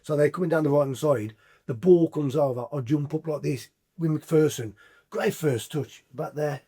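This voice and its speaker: A man in his sixties with a Black Country accent, a podcast guest telling lively sweary anecdotes with sound effects. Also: a little high, normal speed, breathy edge. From English Black Country. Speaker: podcast guest, former footballer. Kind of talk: casual storytelling.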